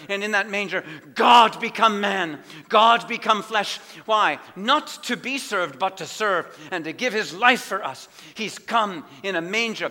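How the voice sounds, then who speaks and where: Impassioned high-voiced male preacher. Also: in a large hall. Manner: impassioned, swinging between hushed and loud. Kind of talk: sermon. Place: church.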